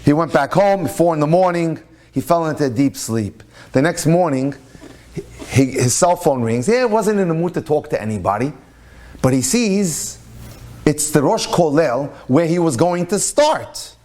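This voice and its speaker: Male rabbi-lecturer, storyteller; higher voice, very expressive pitch, acts out the people he quotes. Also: normal speed. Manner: animated storyteller who acts out the people in his stories; uses Hebrew and Yiddish religious terms. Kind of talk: storytelling presentation.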